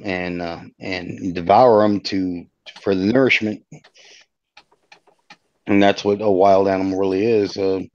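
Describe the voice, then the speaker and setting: A man's voice: low-pitched, darkish tone. A man in a casual chat, talking hesitantly and searching for words. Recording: dull, dry lo-fi sound.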